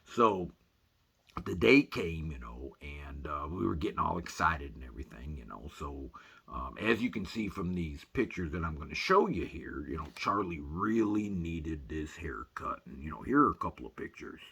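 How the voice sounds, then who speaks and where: Raspy deep-voiced man rambling folksily. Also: sing-song, fairly bright tone. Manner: folksy, fills every pause with "you know". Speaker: storyteller. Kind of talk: rambling comic anecdote.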